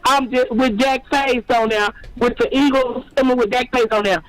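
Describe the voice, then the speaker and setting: High-voiced guy trash talking rival fans on his sports channel, petty and mocking. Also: steady tone, moderate pace, a bit bright, no echo, poor audio.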